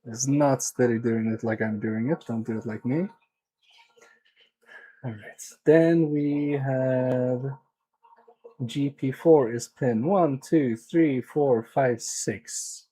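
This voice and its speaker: A man's voice: medium pitch, takes it slowly, dark tone. A man hosting a live electronics repair stream, joking and muttering to himself as he works. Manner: joking, self-mocking, muttering while working on the repair. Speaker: livestream electronics repair host. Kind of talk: casual live-stream chat while working.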